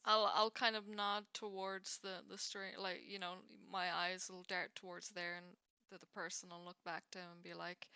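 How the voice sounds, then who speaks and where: Woman, tabletop game player, hesitant, bright tone, dry recording. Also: on the low side, flat delivery, normal speed, few pauses, smooth, dry recording. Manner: hesitant, restarts often.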